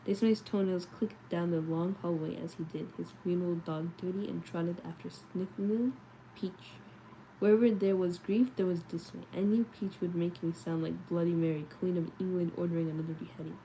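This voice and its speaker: Woman, lowish voice, late-night read-aloud streamer, sleepy and chatty, faint hum behind. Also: steady tone, normal speed, mellow, low-quality recording. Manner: sleepy, chatty, answers chat comments.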